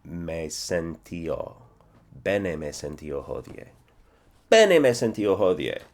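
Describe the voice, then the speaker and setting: A man in his forties teaching a self-study language lesson, thinking aloud, checking himself and repeating phrases slowly. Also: low voice, big pitch swings, a little mellow. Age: 40s.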